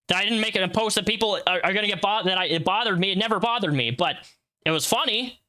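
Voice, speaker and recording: A man hosting a livestream and reacting out loud to a social media post, blunt and profane as he lectures the person behind it. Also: high-pitched, fast talker. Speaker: livestream host.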